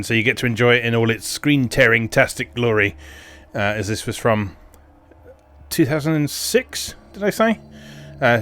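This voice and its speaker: A man's voice: mid-range voice, fairly bright tone. A man giving casual, wry gameplay commentary as host of a retro game video, chatty with plenty of fillers.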